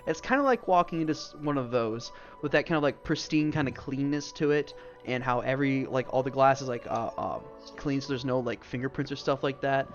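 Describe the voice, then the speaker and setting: A man narrating a tabletop game as game master, rambling through his descriptions with many fillers. His voice sits at an ordinary pitch, and the audio is dull and lo-fi with faint music behind. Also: fairly quick, hardly any pauses. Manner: rambling, full of "like" and "um".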